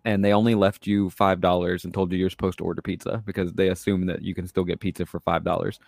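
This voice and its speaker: A man co-hosting a comedy podcast who sets up improv scenes in a relaxed, casual way. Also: sits low, fast talker, vocal fry, no echo. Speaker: podcast co-host. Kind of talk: casual chat.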